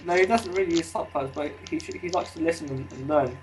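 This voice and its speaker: A man's voice: on the high side, fast, slight background noise, low-quality recording. A man chatting casually on a call, rambling with lots of fillers. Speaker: guest on a voice call. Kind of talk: casual chat.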